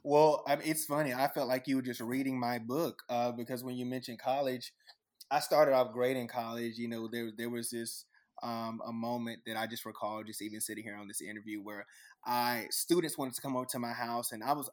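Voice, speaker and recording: A man's voice: mid-range voice, steady tone, brisk. A man being interviewed as a guest, sharing a personal faith story in an earnest way. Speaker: guest, content creator. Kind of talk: interview answers.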